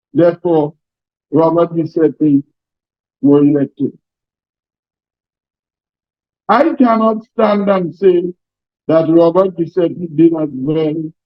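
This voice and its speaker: An older Trinidadian man with a high-pitched voice addresses a union seminar, hammering points home through repetition and folksy stories. The sound is dull and lo-fi, and very dry. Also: no room sound. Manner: emphatic, repetitive, folksy storytelling. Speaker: trade union president. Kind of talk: seminar speech with anecdotes.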